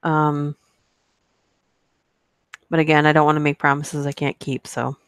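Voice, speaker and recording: A woman with a notably low voice reads stories aloud on a live stream, then drifts into casual, chatty asides to her viewers. The sound is close and dry, with no room echo. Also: little pitch movement, a little slow, clear, resonant tone. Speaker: YouTube horror story narrator. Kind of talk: live-stream story reading and chat.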